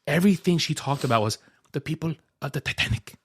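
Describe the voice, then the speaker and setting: A man's voice: a little high, expressive, quick pace, slightly rough, no echo, clean studio sound. Joking man on a casual podcast. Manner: joking, laughs often. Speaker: podcast co-host. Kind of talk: casual chat.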